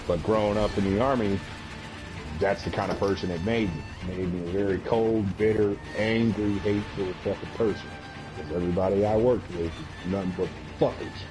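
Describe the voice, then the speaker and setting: A man's voice: on the low side, steady tone, a little fast, music in the background, poor audio. Blunt, profane man telling a story. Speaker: live game streamer, Army veteran. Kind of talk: casual storytelling on a live stream.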